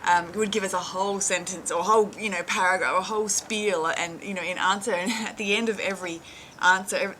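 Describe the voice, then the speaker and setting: A woman's voice: medium pitch, fairly even intonation, a little fast, bright, forceful tone, slight background noise, poor audio. An Australian woman telling a casual story, chatty and full of fillers and restarts, often laughing.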